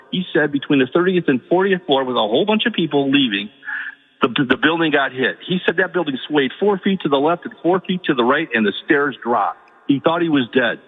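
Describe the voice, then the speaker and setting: A man calling in to a radio talk show, telling a story in a halting, emotional way. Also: a little high, breathy edge. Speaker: caller. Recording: phone line with long reverb.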